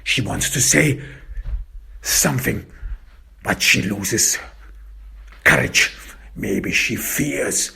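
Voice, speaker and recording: Man, gravelly husky voice, unhurried detective story narration. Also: lowish voice, animated, pushed and bright.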